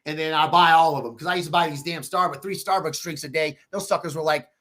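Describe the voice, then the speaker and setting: A man with a high voice, talking as a podcast guest. He tells stories in a loose, animated way and swears freely. He slips into lively voices when he quotes people. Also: quick pace. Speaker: podcast guest, real estate agent. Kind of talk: casual podcast interview.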